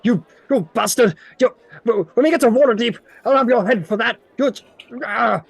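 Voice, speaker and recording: A man putting on a shrill ranting merchant. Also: racing, creaky, husky, no room sound, full character voice. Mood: furious. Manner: shrill, ranting, short-fused. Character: furious bad-tempered male merchant. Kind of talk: tabletop role-play.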